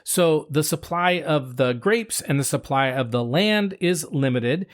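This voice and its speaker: A man's voice: fairly high pitch, animated, a little slow. A man co-hosting a podcast, chatting casually and explaining at length with a playful, joking manner, jet lagged. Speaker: podcast co-host. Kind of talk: casual chat.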